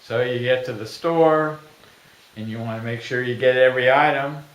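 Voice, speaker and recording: A middle-aged man pitching his own invention in a plain, folksy way, acting out little everyday scenes. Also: moderate pace. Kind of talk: product pitch video. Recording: echoey room.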